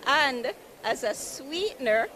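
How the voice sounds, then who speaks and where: A woman's voice: sits high, animated, slow pace, sharp tone. Upbeat saleswoman on a noisy floor. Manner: upbeat, persuasive, repeats easy and convenient. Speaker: building society representative. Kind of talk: sales pitch at an expo booth. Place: conference marketplace floor.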